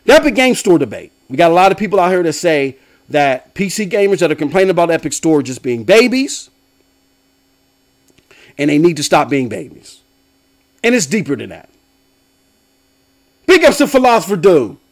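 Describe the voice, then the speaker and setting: A young man hosting a gaming live stream, ranting loudly and laughing often as he swings between shouts and low mumbles. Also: very animated, normal speed, pauses often. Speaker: game streamer and podcast host.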